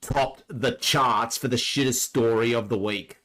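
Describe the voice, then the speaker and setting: A man's voice: mid-range voice, fairly even intonation, measured pace, pushed and bright, poor audio. A man co-hosting a podcast, chatting casually with a wry, joking manner and frequent laughs. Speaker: podcast co-host.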